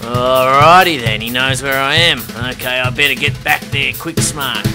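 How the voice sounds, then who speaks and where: A man's voice: mid-range voice, steady tone, moderate pace. An Australian man narrating a comic detective story in a joking, laid-back way with little chuckles. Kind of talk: comic spoken narration over drum music. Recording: loud drum and music bed behind.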